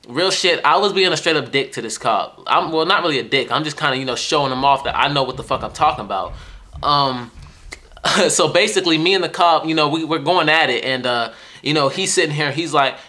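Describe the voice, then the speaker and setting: A young man with a fairly high, bright and slightly sharp voice recounts a run-in straight to his viewers. He talks loosely and profanely, stumbling over and repeating words as he goes. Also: lively intonation, brisk. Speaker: vlogger. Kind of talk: casual storytelling to viewers.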